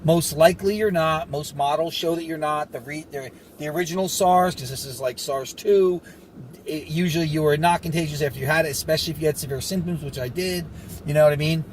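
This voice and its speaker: A fast-talking man with a slightly high voice rambles through a casual rant, sarcastic and full of asides. He sounds a little short of breath, and there is a faint hum of ambience behind him. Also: rough recording. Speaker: vlogger recovering from covid.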